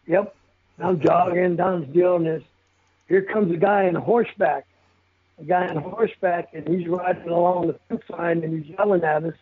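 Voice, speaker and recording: An older former football player, interviewed casually about his playing days, speaks in a high, slightly rough voice at a moderate pace with fairly even intonation. His stories come out blunt and profane, punctuated by frequent chuckles, heard through a tinny phone connection.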